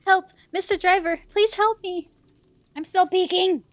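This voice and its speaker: A woman voicing a frightened young noblewoman trapped in a burning carriage, pleading for help in a high, breathless voice. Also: expressive, normal speed, dry recording. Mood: panicked. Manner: panicked, breathless calls for help.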